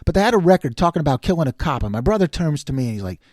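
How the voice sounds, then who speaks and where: An older New York City–area man hosts a commentary show, ranting in a casual, sarcastic monologue. His slightly high voice races along, animated and exasperated, in clean studio sound with no room noise.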